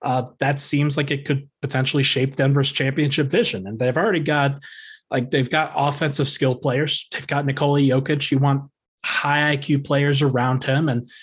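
A man hosting a sports podcast with a hyped-up, energetic delivery. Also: a little high, husky. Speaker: podcast host.

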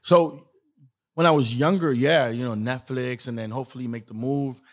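A male comedian guesting on a casual podcast speaks in a steady, mid-range voice at normal speed. Sitting on an indoor studio couch for a laid-back interview chat, he uses slang and laughs off questions.

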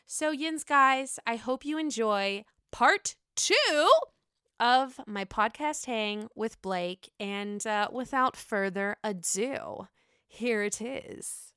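A woman podcast host, swearing freely as she dishes on reality TV in casual, emphatic chat. Her voice is bright and crisp, a little higher than most, recorded dry and close. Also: takes it slowly, no echo. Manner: gossipy, profane and emphatic.

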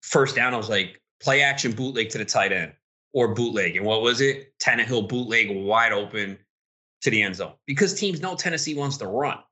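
A man co-hosting a casual podcast while watching a football game, excitable and profane, ranting at the referees. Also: mid-range voice, normal speed. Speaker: podcast co-host.

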